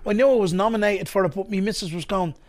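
Dublin man, high-pitched, chatty guest with a rambling, candid way of telling a story. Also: fast talker. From Ireland. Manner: rambling, frank, peppered with "do you know what I mean". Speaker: guest, actor and comedian. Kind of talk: casual storytelling chat.

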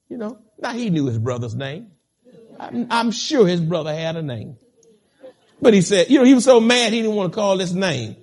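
A male preacher in full sermon, his voice sitting high and leaping wildly in pitch as he builds to impassioned peaks. He drags out scripture with heavy stress, then turns to the congregation and talks to them directly. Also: very animated, moderate pace.

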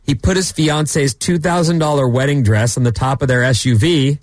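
A man's voice: mid-range voice, moderate pace, no echo. A man hosts a morning radio show and spins stories in a loose, playful way. His voice sits in a middle register. The sound is close and dry. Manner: chatty storyteller, playful.

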